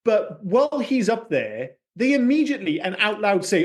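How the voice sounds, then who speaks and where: A man co-hosting a casual film podcast, ranting in an animated, profane way. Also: high-pitched, brisk, hardly any pauses. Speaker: podcast co-host.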